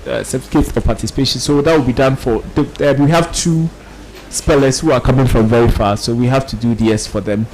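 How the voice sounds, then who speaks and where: A man's voice: medium pitch, fast talker, few pauses, a little mellow, a little hiss or hum, rough recording. Hesitant man judging a spelling contest. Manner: hesitant speech with many ums. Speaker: spelling contest pronouncer and judge. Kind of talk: reading out words, then closing remarks.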